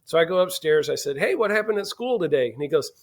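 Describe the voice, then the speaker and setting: A middle-aged man telling a family story as a podcast guest, animated and acting out the dialogue. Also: on the high side, fast talker. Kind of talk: storytelling in casual interview.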